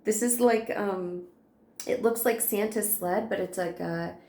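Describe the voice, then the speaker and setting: A woman's voice: medium pitch, unhurried, warm tone, roomy sound. An American woman giving a casual, chatty spiritual card reading, reassuring and laughing often. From United States. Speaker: tarot reader.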